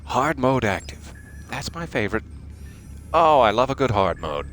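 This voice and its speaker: A man's voice: medium pitch, sing-song, moderate pace, fairly bright tone, soft background music. A man giving casual, playful gameplay commentary as a game streamer, chatting and joking. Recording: game gunfire noise behind.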